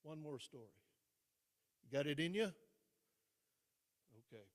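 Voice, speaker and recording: An older man, a retired teacher and coach, telling stories as a guest speaker, with dramatic pauses and repeated phrases for emphasis. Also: on the high side, expressive. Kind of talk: motivational storytelling speech. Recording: long reverb in a large hall.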